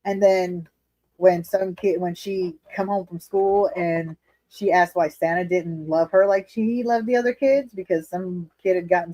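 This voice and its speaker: A woman's voice: fairly low pitch, warm tone, dry recording, highs cut off. A woman hosting a casual livestream from her living room, chatting candidly with viewers, laughing often and swearing freely. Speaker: livestream host reading chat. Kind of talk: casual chat.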